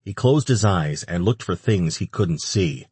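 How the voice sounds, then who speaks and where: A man reading an audiobook in steady, even scripted narration, recorded close on a studio mic. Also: sits low, a little slow, slightly rough, no echo.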